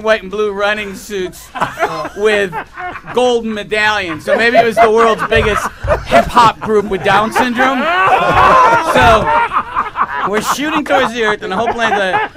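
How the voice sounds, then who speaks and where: A man in his forties telling a comic story as a radio guest, animated and laughing, acting out other voices. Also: high-pitched. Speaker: comedian guest. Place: radio studio.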